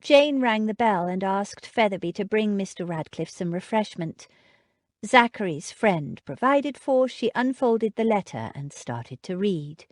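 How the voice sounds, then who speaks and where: A woman narrating an audiobook in an expressive storytelling manner. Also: mid-range voice, a little slow, no room sound, studio quality. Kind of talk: scripted narration. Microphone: close studio mic.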